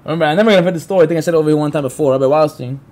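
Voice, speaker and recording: Speaking very fast in a fairly high voice, a rabbi leads a Torah class for a live audience. He tells energetic stories, acts out what people said, and puts questions to those present.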